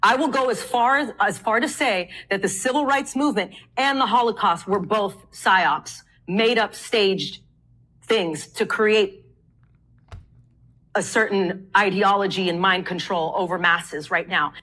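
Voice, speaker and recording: A woman's voice: medium pitch, a little slow, a bit bright, rough recording. Woman guest in an interview, sure of herself, trips on words under pressure.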